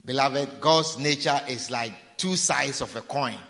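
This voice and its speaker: A man's voice: mid-range voice, measured pace, a bit bright, faint music behind. A man preaching a sermon, repeating phrases and acting out people's pleas. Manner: preaching with repetition and acted-out pleading. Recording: long reverb of a large hall.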